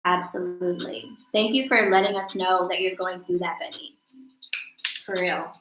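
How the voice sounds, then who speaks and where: A woman in her thirties hosting a casual live stream, chatting and joking and quick to laugh at herself. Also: on the low side, fairly even intonation, noisy background. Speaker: host of a live witchcraft coaching stream. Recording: roomy echo.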